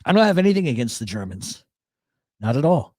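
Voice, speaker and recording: A man's voice: medium pitch, sing-song, a little fast, a little mellow, no echo, clean studio sound. Profane storytelling man. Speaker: radio show host. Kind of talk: casual live chat show, reading chat.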